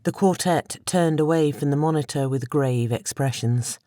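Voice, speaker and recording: A woman reading an audiobook in a measured, even storytelling voice. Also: low voice, dry recording, clean studio sound. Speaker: audiobook narrator. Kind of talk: scripted narration.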